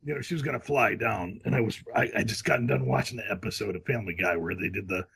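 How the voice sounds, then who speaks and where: A rowdy middle-aged man chatting on a podcast with a gravelly, husky voice. His pitch swings all over the place as he jokes, and he keeps slipping into cartoon impressions. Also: lively intonation, fast talker, a bit bright. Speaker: podcast guest, voice actor. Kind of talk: loose comic chat.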